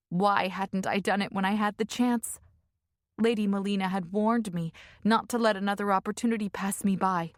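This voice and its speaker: Woman audiobook narrator, mid-pitched, measured and emotive, dry close studio sound. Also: no room sound. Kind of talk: scripted first-person audiobook narration.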